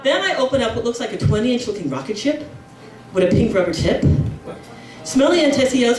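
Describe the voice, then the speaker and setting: A middle-aged woman performing a brash stand-up comedy routine, now and then breaking into shrill squealing voices for her relatives. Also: very animated, brisk, far from the mic, music in the background. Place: comedy club. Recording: echoey club room, mic heard from afar, audience laughter. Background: crowd laughing.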